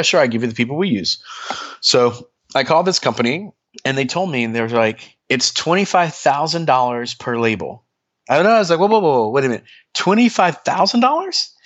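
A man talks as an interview guest in an easy, animated way. He tells stories full of fillers, and his pitch leaps up often. The recording sounds a little dull. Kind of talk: casual storytelling.

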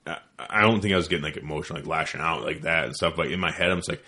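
A man's voice: extremely low pitch, racing, sharp tone, breathy edge. A man talking bluntly and profanely in a casual podcast chat, self-deprecating and candid. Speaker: podcast host.

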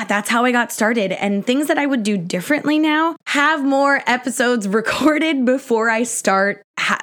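A woman's voice: medium pitch, a bit bright. A young adult woman hosting a history podcast, answering listener questions in a casual, chatty way, laughing often and poking fun at herself. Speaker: podcast host. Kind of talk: casual Q&A chat.

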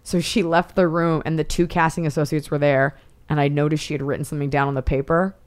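A woman comedian talks as a podcast guest in a somewhat low voice, spinning her stories with lively energy. She slips into the voices of the people she quotes as she goes. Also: fast. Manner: animated storytelling, acts out quotes. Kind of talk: casual podcast chat.

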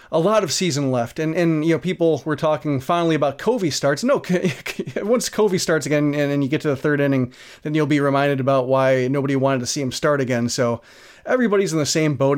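A man co-hosting a casual sports talk show, giving analysis in a rambling way with many restarts and fillers. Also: mid-range voice. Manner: rambling, lots of "you know" and restarts.

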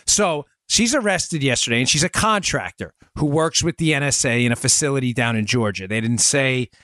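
A man's voice: medium pitch, a little fast, sharp tone, no room sound, clean studio sound. A man in his forties hosting a political commentary podcast, talking emphatically to his listeners with sarcastic asides and stories. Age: 40s. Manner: storytelling, addresses listeners as folks. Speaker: podcast host.

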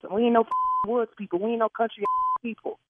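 A woman on a phone call, yelling and cursing in anger. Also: on the high side, little pitch movement, quick pace, husky, no room sound. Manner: furious, shouting, cursing. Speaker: prank call victim. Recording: tinny phone line.

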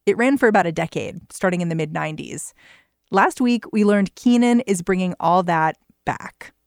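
Lower-voiced woman podcast host. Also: animated, normal speed, no room sound, studio quality. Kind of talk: scripted interview narration.

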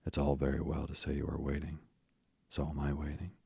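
A man's voice: rumbling low, completely flat delivery, fairly quick, vocal fry, darkish tone, husky, no echo, exaggerated voice. A man voicing a proud, pompous father who blusters and sulks like a child. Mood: blustering. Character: pompous proud father, sulking over medicine.

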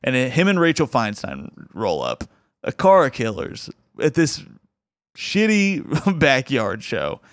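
A young male comedian tells a story in a casual, animated way, laughing through it. His voice is smooth and clear, recorded dry and close. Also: mid-range voice, slow, no room sound. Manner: animated, laughs often while telling the story.

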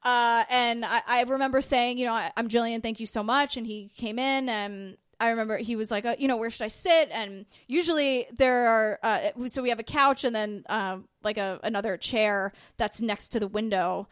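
A woman guest on a podcast, gushing and animated as she retells a story in casual chat. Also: on the high side, normal speed, hardly any pauses, smooth, dry recording, clean studio sound.

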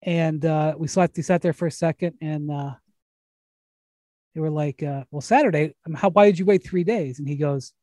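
Male host, high-pitched, loose rambling anecdotes, dry mic. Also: moderate pace, a little mellow, no echo. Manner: rambling storyteller, frequent restarts and laughs. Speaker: podcast host. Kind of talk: casual sports chat.

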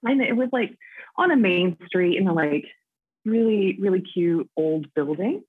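A chatty American woman calling in, her voice low-pitched and a little husky. She fills her talk with "like" and "um", heard over a tinny, dry phone line. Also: expressive, measured pace, no echo. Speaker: caller. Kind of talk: casual phone chat.

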